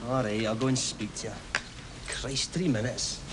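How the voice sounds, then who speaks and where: An actor with a Glaswegian Scottish accent playing a weary working-class husband who gives plain, dry replies. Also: male voice, mid-range voice, fairly even intonation, moderate pace, background noise, close to an everyday voice. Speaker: football fan, husband. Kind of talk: stage play acting.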